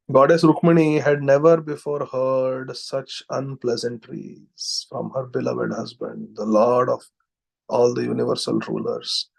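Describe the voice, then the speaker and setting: A man reading devotional scripture aloud, chanting Sanskrit verses slowly and then explaining them in English. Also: mid-range voice, animated, vocal fry, breathy edge. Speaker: scripture reader and preacher.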